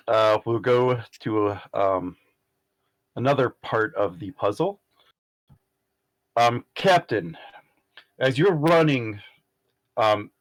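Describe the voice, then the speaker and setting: Halting man narrating a tabletop game. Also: medium pitch, low-quality recording. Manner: halting, many ums and uhs. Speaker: game master.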